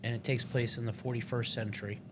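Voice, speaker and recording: A man co-hosting a casual podcast, explaining in a halting way with many restarts. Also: mid-range voice, level tone, a little hiss or hum. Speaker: podcast co-host. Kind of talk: casual chat.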